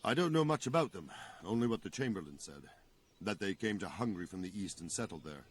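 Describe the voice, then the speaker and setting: Husky, grave medieval knight. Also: male voice, deep voice, expressive, fast. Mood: cynical. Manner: grave, cynical storytelling. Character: weary medieval knight, male, middle-aged.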